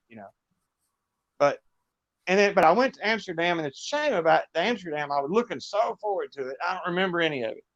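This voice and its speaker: A man's voice: high voice, expressive, quick pace, fairly bright tone. A man, a guest musician, telling rambling, laid-back anecdotes in a casual chat over a video call. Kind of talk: casual storytelling. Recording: dull lo-fi dry sound.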